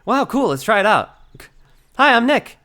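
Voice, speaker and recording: A man voicing a perky, chatty young woman sidekick in a game, talking in a bubbly, quick way. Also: high voice, sing-song, fairly bright tone, voice pushed up. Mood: chirpy. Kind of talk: reading game dialogue aloud.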